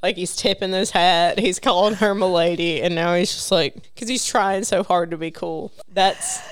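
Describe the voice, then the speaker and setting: A woman's voice: lowish voice, moderate pace. A woman co-hosting a casual book podcast, explaining plot points with lots of fillers and playful takes. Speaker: podcast co-host.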